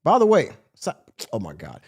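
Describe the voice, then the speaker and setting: A man's voice: mid-range voice, wildly swooping pitch, normal speed, breathy edge. A male podcast host giving blunt, exasperated commentary on a livestream and swearing freely.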